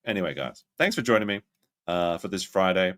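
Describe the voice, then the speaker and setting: Excitable male streamer, low and swooping. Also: a little fast. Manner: excitable, breaks into laughter, swings between shrieks and mutters. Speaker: livestream host. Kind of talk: live commentary on clips.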